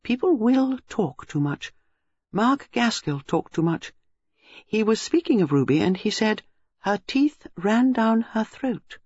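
Miss Marple, a man voicing a soft-spoken old spinster. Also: sits high, sing-song, unhurried, breathy edge, dry recording, muffled recording, pitched above the performer's own voice, heavily acted. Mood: quietly explaining. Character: shrewd elderly spinster sleuth, gentle and quiet. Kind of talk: audiobook character voice.

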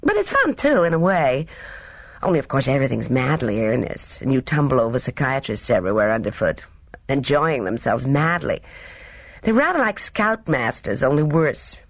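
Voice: mid-range voice, big pitch swings, normal speed, no room sound. A reader voicing a cheerful, careless young woman who chatters in airy, slangy upper-class talk. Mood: breezy.

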